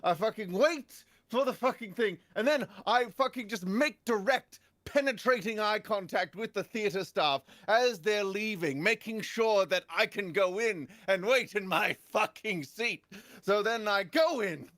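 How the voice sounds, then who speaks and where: A young man with a slightly high voice tells a rambling comic story, swearing freely. His voice jumps from low mutters to loud outbursts. The sound is dry and close, with no room echo. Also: measured pace. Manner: animated, profane, big swings in pitch and volume. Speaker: podcast panel guest. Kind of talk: comedic storytelling in casual chat.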